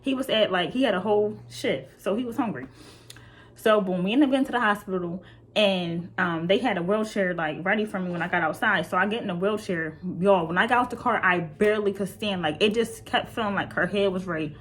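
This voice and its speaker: A woman's voice: medium pitch, brisk. Chatty young woman telling a storytime. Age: young adult. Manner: chatty, frequent fillers, addresses viewers directly. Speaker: vlogger. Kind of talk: casual storytime.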